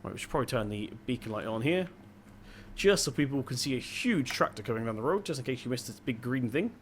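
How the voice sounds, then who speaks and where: A man's voice: medium pitch, expressive, fast, a little hiss or hum. Chatty young man narrating gameplay. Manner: rambling, chatty, corrects himself often. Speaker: gaming video host. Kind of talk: casual let's-play commentary.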